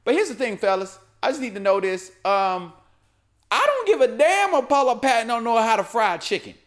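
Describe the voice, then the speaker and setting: Animated high-pitched male comic ranting. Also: a little fast. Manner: animated, slangy, keeps saying "man". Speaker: comedic commentary host. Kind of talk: loose comedic rant.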